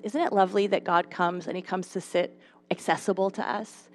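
A young adult woman teaching a devotional Bible lesson to mothers, expressive, with playful asides. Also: on the low side, a little fast. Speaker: speaker at a mothers' Bible study.

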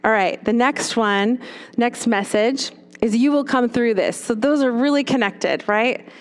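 A woman's voice: on the high side, measured pace. A woman, a former children's pastor, giving a storytelling talk to parents, often checking in with "right?". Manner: storytelling with tag questions.

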